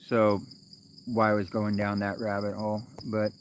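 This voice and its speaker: A man with a lowish voice talks in a loose, rambling way, full of fillers and restarts. He is streaming live from an outdoor camp at night, with faint crickets and insects chirping behind him. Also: completely flat delivery, normal speed, slight background noise. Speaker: livestream vlogger. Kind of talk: casual livestream chat.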